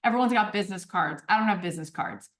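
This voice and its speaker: A woman in her forties talks through personal stories as a podcast guest. She speaks with animated energy and keeps checking in with her listener. Her voice sits mid-range and carries a roomy echo. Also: mid-range voice, fast talker, distant mic. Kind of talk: storytelling in conversation.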